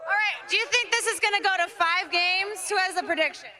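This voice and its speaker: A bubbly woman with a very high, bright voice roams a packed indoor arena with a handheld mic, cheering fans on. A loud crowd roars all around her. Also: a little fast. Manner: bubbly, hypes the crowd loudly. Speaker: crowd interviewer. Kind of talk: live arena crowd interviews. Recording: roaring arena crowd behind.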